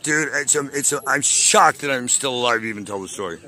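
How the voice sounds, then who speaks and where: A man's voice: medium pitch, a little fast, bright, forceful tone. A man in an agitated, profane, boastful rant on a call, swearing constantly and making threats.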